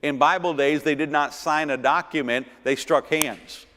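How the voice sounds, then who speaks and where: A middle-aged pastor leads a church finance seminar in a fairly high voice, hammering his points by repeating words and posing rhetorical questions to the audience. His tone is steady and a bit bright at a normal pace, carried by the long reverb of a church hall.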